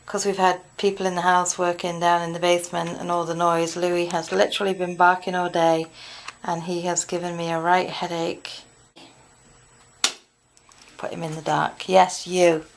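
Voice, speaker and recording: A woman's voice: fairly low pitch, little pitch movement, normal speed, slight background noise, rough recording. Tired British woman vlogging at home. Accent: British English. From Britain. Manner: chatty, rambling, talks to her dogs. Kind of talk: casual video diary. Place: home indoors.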